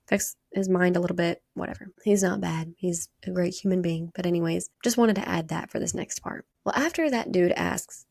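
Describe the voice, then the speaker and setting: A woman with a Southern US accent hosting a podcast, chatting and telling animated stories in a casual way. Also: fairly low pitch, creaky, husky, dry recording, studio quality. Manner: chatty, animated retelling with quick quoted voices. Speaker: podcast host. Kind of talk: casual storytelling monologue.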